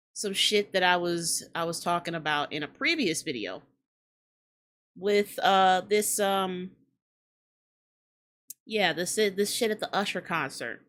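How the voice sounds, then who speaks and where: A woman hosting a hip-hop commentary show, talking in a blunt, profane, ranting way and repeating lines for emphasis. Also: fairly low pitch. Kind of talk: casual commentary rant.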